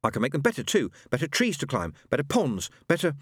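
A man voicing an earnest, stubborn young boy in a storybook reading, raised in pitch. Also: wildly swooping pitch, fast, husky, no echo, studio quality, full character voice. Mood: defiant. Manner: earnest, rising to pleading shouts.

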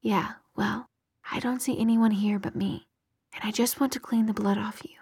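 A woman whispering the lines of an earnest, worried young woman, a whispered role-play in a soft breathy voice. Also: medium pitch, steady tone, normal speed, no echo, clean studio sound. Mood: impatient.

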